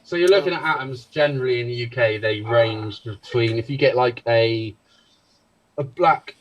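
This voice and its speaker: A man's voice: medium pitch, normal speed, no echo, recorded from a distance, highs cut off. A man with a British accent chatting on a live panel stream, casual and sweary, calling people mate. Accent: British English. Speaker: panel guest.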